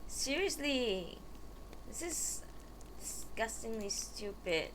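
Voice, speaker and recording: A woman's voice: a little high, big pitch swings, takes it slowly, background noise. A woman streamer chatting live while she sets up, exasperated, swearing and muttering to herself.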